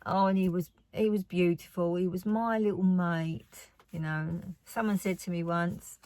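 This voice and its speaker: A woman's voice: lowish voice, fairly even intonation, unhurried, darkish tone, no echo. A woman chatting casually about her craft haul. She rambles and often drops to a near whisper. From United Kingdom. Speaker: craft vlogger.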